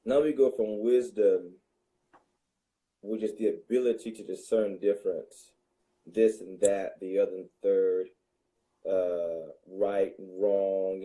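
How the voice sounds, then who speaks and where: A man with a very dark, mellow, low voice takes part in a casual study discussion. He talks in a measured way, building his points out of repeated phrases. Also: poor audio. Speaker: study partner.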